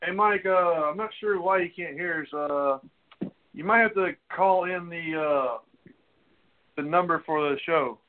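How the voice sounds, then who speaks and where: A man's voice: a little high, a little slow. A man hosting a casual radio show, talking in a loose, joking, rambling way. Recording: tinny phone-like audio.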